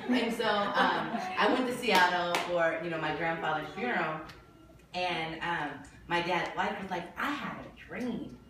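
A woman telling a lively personal story to a Bible study group, laughing often and acting out what people said. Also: on the low side, unhurried. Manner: animated, laughing often, acts out quoted voices. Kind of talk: casual storytelling. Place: group gathering in a room. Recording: echoey room from far off, noisy.

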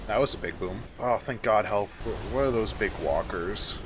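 A man's voice: on the low side, normal speed, noisy background. A man giving casual let's-play commentary, exasperated and swearing often as he talks back at the game. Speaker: gaming YouTuber.

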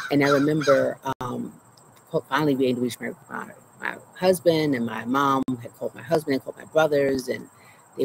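A woman's voice: extremely low pitch, creaky. A woman therapist hosting her show outdoors in her garden, telling her own trauma story in an earnest, emotional way. She stops to breathe and keeps checking in with "right?". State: anxious, heart racing while retelling. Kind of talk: personal trauma story mixed with teaching. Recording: outdoor recording with loud cricket noise. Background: crickets and insects.

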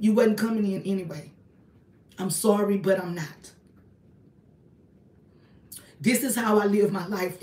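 A woman's voice: on the high side, distant mic. A woman, talking to her viewers in a casual livestream from her apartment, emphatic and repetitive as she preaches. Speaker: online ministry host. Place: small home apartment, indoors. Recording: echoey room, voice off-mic.

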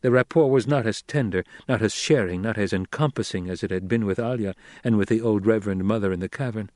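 A man's voice: on the low side, a little mellow, no echo. Male audiobook narrator, dry and close. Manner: measured storytelling. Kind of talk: scripted narration.

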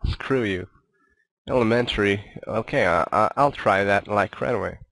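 A man talks his way through a video game level in an easygoing, rambling manner, often laughing at his own mistakes. His voice sits on the low side and sounds dry and close, with no room echo. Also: normal speed, creaky, a bit bright. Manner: self-mocking, rambling, chuckling. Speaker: let's play commentator. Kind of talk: casual gameplay commentary.

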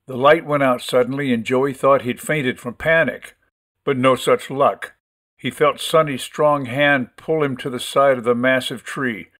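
A man narrating a short story in a measured, expressive storytelling manner. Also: medium pitch. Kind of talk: audiobook story reading.

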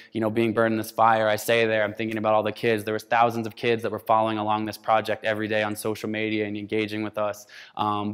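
A man's voice: fairly low pitch, clean tone. A man in his thirties giving a storytelling keynote talk, animatedly acting out quoted dialogue. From United States. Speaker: keynote speaker. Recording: hall reverb.

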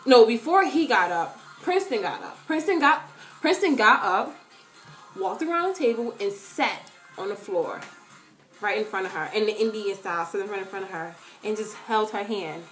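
A young woman vlogger answering fan questions in casual, animated talk, full of slang and repeated words, dropping to a soft hush for emotional moments. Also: mid-range voice, normal speed. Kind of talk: casual chat to camera. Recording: echoey room, faint music behind.

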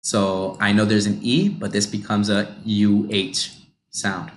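A man coaching pronunciation on a livestream, slowly modelling and repeating words for learners. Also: fairly low pitch, level tone, a little hiss or hum. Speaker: pronunciation teacher.

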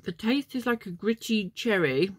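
A woman's voice: mid-range voice, lively intonation, normal speed, breathy edge, no room sound. A woman chatting casually as she tastes and reviews chocolates, wandering off into memories with plenty of ums. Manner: chatty, meandering, many ums. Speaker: vlogger.

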